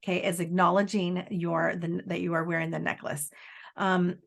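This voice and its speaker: A woman working as a psychic medium, giving a live spirit reading in a halting, searching way with many fillers, often quoting the spirit. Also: lowish voice, level tone, gravelly. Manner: relays messages by quoting the spirit in first person.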